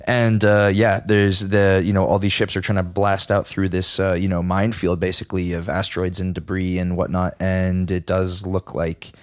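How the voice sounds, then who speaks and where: A man's voice: sits low, level tone, normal speed, hardly any pauses, dry recording, studio quality. A man co-hosting a podcast, talking eagerly about comics in a casual way. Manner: enthusiastic, reads quotes aloud. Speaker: podcast co-host.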